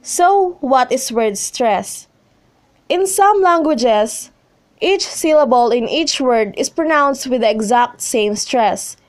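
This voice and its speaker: High-voiced woman reading a slow lesson. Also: expressive. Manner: slow, careful reading with pauses between listed words. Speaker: student presenter. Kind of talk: reading a lesson script on word stress.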